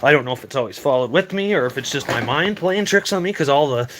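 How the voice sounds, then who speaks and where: A man's voice: medium pitch, animated, fast, fairly bright tone, a little hiss or hum. A young man casually recounting strange experiences, rambling with lots of fillers and swearing. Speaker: paranormal video creator. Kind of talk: casual storytelling.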